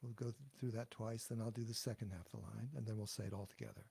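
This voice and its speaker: Man, teacher, slow call-and-response pronunciation lesson, gravelly, mellow tone. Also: on the low side, steady tone. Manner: slow, patient and explanatory, demonstrating words then pausing for repetition.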